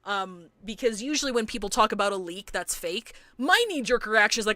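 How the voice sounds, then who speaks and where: A woman's voice: mid-range voice, lively intonation, normal speed, bright, forceful tone, dry recording. A woman streaming a game and chatting with viewers, agitated and rambling with many restarts and apologies. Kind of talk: casual live-stream chat with viewers.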